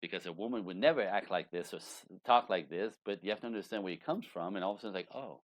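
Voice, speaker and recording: A man, a relationship coach, talking as a guest in an interview with emphatic, animated delivery. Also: low voice, rapid-fire. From Canada. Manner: animated, emphatic, acts out quoted voices. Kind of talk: conversational interview.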